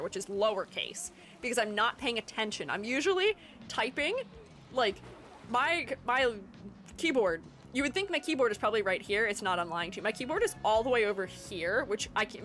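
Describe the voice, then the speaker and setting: A woman streamer with a fairly high voice that bounces up and down a lot, chatting casually over a game. She giggles often and reads her chat aloud before answering it, with faint music playing behind her. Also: a bit bright. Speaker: streamer and artist. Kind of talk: casual live-stream chat while gaming.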